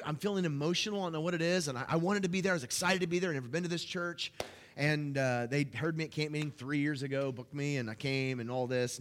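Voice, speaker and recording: At a church service, a guest preacher delivers a sermon full of personal stories, told conversationally and haltingly with frequent fillers and restarts. When stirred up he grows louder and higher in pitch, and when praying he drops soft, low, and hushed.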